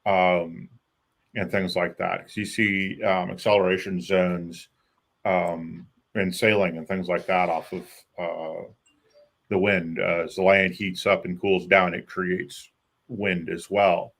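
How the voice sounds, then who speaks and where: Very deep, gravelly man co-hosting. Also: level tone, slow pace, a bit bright. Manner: explanatory, with many ums. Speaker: co-host. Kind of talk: call-in talk show.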